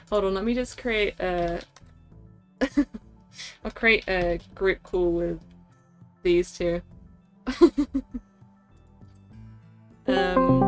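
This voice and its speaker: A woman streaming live, chatting casually with a scattered, self-interrupting manner and frequent laughter. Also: lowish voice. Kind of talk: casual livestream chat.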